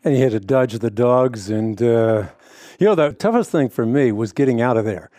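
A man's voice: medium pitch, lively intonation, moderate pace, warm tone, dry recording, clean studio sound. A middle-aged man who hosts a radio show, talking earnestly and fluently, telling stories in conversation. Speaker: radio host. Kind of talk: conversational interview.

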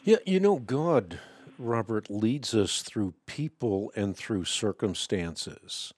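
A man's voice: fairly low pitch, animated, slow, darkish tone, no room sound. A man hosting a call-in radio show, answering a caller's Bible questions in an earnest, preacherly, explanatory way.

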